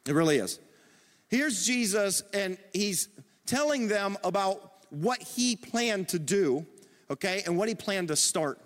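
Man, middle-aged, pastor, animated sermon, call-and-response, long church reverb. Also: sits high, unhurried. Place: church auditorium. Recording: long reverb of a large hall.

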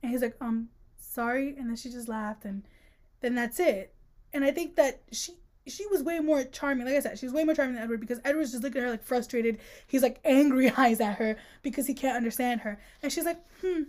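A woman co-hosting a podcast, chatting casually about a book, slangy and animated, acting out the characters' lines as she retells scenes. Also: on the high side, fast. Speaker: podcast co-host. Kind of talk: casual book-discussion chat.

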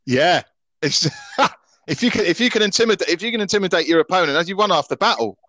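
A man's voice: high voice, fast, dry recording, rough recording. Man hosting a casual chat, dry sound. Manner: relaxed, prompting questions, agreeing. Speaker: podcast host.

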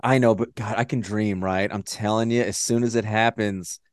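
A man co-hosting a podcast in casual chat, animated and swearing freely as he jokes around. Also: lowish voice, normal speed, no echo, studio quality. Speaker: podcast co-host.

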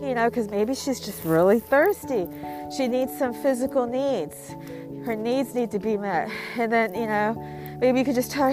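A woman's voice: a little high, normal speed, over music. A woman giving casual advice in a rambling, conversational monologue full of fillers.

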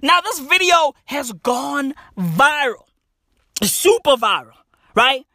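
A man hosting a podcast, telling a story in an animated, profane, slang-heavy monologue. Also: extremely high pitch, slow pace, dry recording, studio quality. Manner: swearing, slangy, says "bruv" and "right?" often. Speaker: podcast host.

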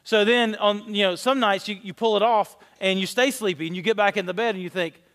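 Male pastor, 40s, high-pitched, candid storyteller with self-deprecating humor, long hall reverb. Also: steady tone, a little fast, fairly bright tone. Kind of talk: conversational sermon.

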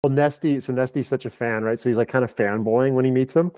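A man's voice: mid-range voice, steady tone, fast talker, a little mellow, no echo. A man on a podcast as a guest, a performance director, telling a long casual story full of "like". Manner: chatty, lots of filler "like".

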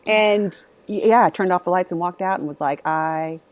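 Candid, swearing mom telling stories. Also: female voice, fairly low pitch, normal speed. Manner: candid storytelling, swears freely. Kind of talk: casual chat.

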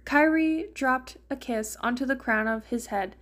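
A woman's voice: sits high, unhurried, fairly bright tone. A woman reading a fan fiction story aloud, narrating and lightly voicing the characters. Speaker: fanfiction reader.

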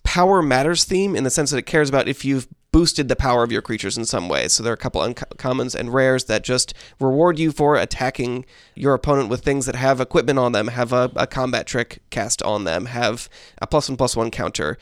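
A man's voice: mid-range voice, dry recording, clean studio sound. Man explaining card mechanics at length. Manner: explains at length, measured and dryly joking. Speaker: podcast co-host. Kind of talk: casual chat.

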